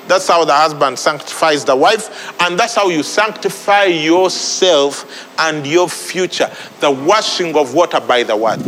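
Man, preacher, unhurried delivery, lively pitch, faint music underneath. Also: in a large hall, poor audio. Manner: animated preaching, repeating lines for emphasis. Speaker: pastor. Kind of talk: sermon.

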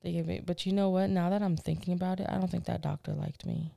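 A woman with a gravelly, mellow voice chats as a podcast co-host. She tells stories bluntly and with animation, cursing freely and laughing at herself. Her sound is close and dry. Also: fairly low pitch, steady tone, fast talker, dry recording. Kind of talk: casual chat.

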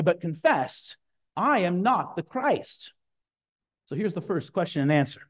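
A man preaching a sermon, emphatic and lively, with casual asides to his congregation. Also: high voice. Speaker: pastor.

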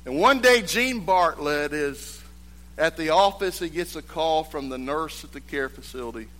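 A man preaching a sermon, moving between loud, emphatic exhortation and hushed, quiet storytelling. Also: a little high, lively intonation, normal speed.

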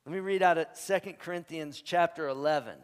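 Animated male pastor in a reverberant hall. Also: fairly high pitch, fairly quick, clear, resonant tone. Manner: animated and emphatic, swinging from loud punches to quiet asides; joking, conversational asides to the congregation. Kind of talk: sermon.

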